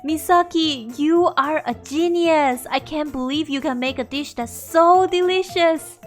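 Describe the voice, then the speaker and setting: Girl reading a goofy excited village guy, high voice, faint music behind. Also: unhurried. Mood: eager. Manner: exclaims loudly and cheerfully.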